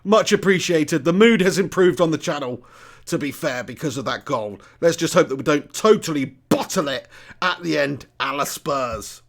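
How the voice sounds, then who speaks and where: A man hosting a live football watch-along, commentating as a fan, excitable and swearing, often laughing at his own jokes. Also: a little high, moderate pace, vocal fry.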